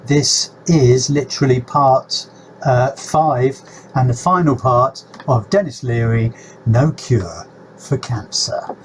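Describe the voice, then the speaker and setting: A man hosting a reaction video, drawling slowly and stopping often on fillers. His rambling patter sometimes turns into a mock hypnotist's routine. A faint hum sits behind him. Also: mid-range voice. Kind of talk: casual talk to camera.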